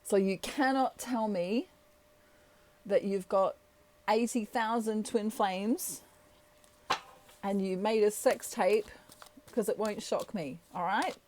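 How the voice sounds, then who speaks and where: Slow-talking woman doing a tarot reading, chatty and playful, laughs a lot. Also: mid-range voice, darkish tone, a little hiss or hum. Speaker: tarot reader. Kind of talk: casual tarot reading monologue.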